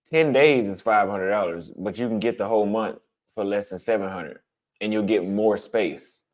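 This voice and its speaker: Speaking at a moderate pace in a lowish voice, a man who vlogs about travel casually chats with viewers on a livestream and answers their messages. He's blunt, conversational and repeats himself to drive points home.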